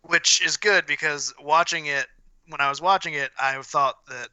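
A man's voice: fairly high pitch, moderate pace, bright, forceful tone, clean tone, no room sound, poor audio. A man co-hosting a casual podcast who talks thoughtfully and hedges with fillers. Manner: thoughtful, hedging, many fillers. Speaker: podcast co-host.

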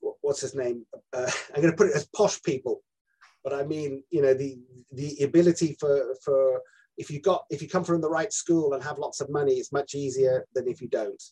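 A man's voice: mid-range voice, fairly even intonation, moderate pace, mellow, breathy edge. A man who coaches actors, talking casually as an interview guest and often restarting his sentences. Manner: restarts sentences, plain-spoken.

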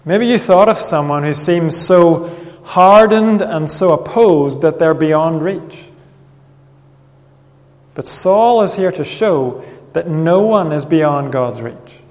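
A man preaching a sermon in an earnest, measured way, reading Bible passages aloud. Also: on the high side, animated. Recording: long reverb of a hall.

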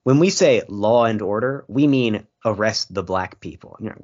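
A man's voice: lowish voice, moderate pace, darkish tone. A man co-hosting a podcast in casual comedic chat, sarcastic with dry jokes and frequent ums. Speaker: podcast co-host. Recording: dull lo-fi podcast audio.

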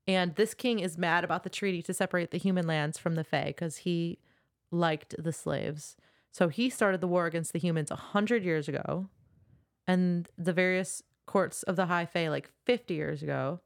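Low-voiced woman recapping a book. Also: moderate pace, dry recording, clean studio sound. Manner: chatty plot summarizing. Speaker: podcast co-host. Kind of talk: casual book-club chat.

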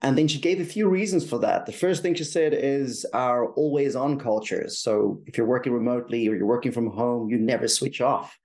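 A man's voice: mid-range voice, brisk, hardly any pauses, darkish tone. A man with a South African accent, talking through workplace research in an enthusiastic, explanatory way on a podcast. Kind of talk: podcast conversation.

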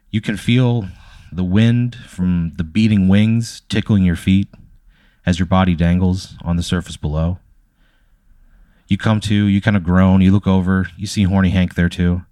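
Laughing young game master, low voice. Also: male voice, normal speed, pauses often, dark tone, no echo, studio quality. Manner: loose, rambling storytelling with frequent laughs. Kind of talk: narrating a tabletop game.

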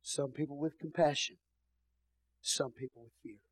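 A middle-aged male pastor with a Texan accent preaching a sermon, swinging between booming shouts and soft murmurs. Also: steady tone, moderate pace, dry recording, low-quality recording.

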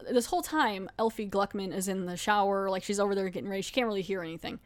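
A woman hosts a podcast and talks through a TV episode in a casual, chatty way. Her voice sits at an ordinary middle pitch for a woman. She retells it with animation, laughing and throwing in quick acted lines. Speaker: podcast host.

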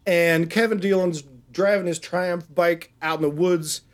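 A man's voice: high voice, steady tone, unhurried. Rambling, profane man retelling a movie. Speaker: podcast co-host. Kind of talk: casual movie chat.

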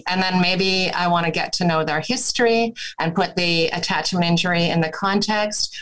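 A woman couples therapist, a guest in an interview, explaining her technique and acting out gentle therapist phrasing in her own voice. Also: on the low side, low-quality recording.

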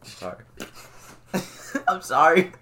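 A man's voice: on the high side, sing-song, slow, bright, forceful tone. A man chatting on a podcast with friends, joking and heckling. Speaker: podcast co-host. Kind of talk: casual chat. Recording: noisy background.

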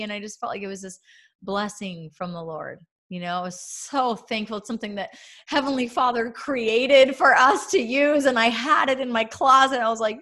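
A woman's voice: fairly high pitch, fairly even intonation, normal speed, pushed and bright. Woman, thirties, podcast co-host, earnest reflective faith chat, lots of fillers. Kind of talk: casual faith-based podcast talk.

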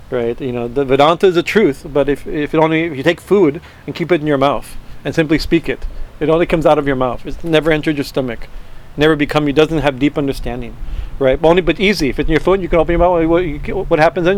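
Halting man teaching, keeps asking "right?". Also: on the high side. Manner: halting, repeats words, tags lines with "right?". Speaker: spiritual teacher. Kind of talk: informal class talk to a group.

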